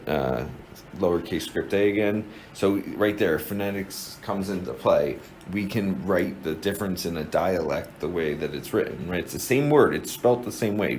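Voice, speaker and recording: A man's voice: deep voice, darkish tone, slight background noise, poor audio. A man with a New Jersey accent giving an informal lesson, explaining step by step with plenty of fillers and restarts. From New Jersey, USA. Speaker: teacher.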